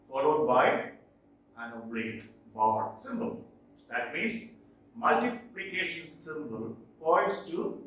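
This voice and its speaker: A man gives a classroom lecture on poetic meter, slow and deliberate, with a bright and lively voice. He sounds set back from the mic in a very echoey room. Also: fairly high pitch, distant mic. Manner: slow and deliberate, tapping out stresses. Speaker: English teacher.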